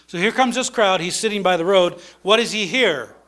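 A man's voice: sits high, moderate pace, a bit bright. A man preaching a sermon in a conversational way, with many fillers and restarts.

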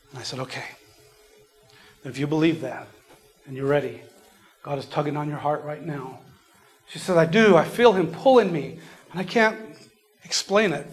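Earnest preacher, hushed to booming. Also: male voice. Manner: earnest, repetitive, drops to a near whisper then swells. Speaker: pastor. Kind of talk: sermon. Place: church service.

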